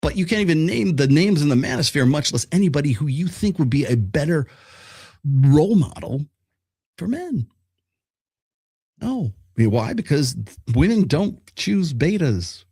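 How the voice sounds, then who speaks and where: A man's voice: a little high, mellow, slightly rough, no echo, clean studio sound. A middle-aged man hosting a podcast, delivering a blunt, profane monologue full of rhetorical questions and restarts. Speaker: podcast host.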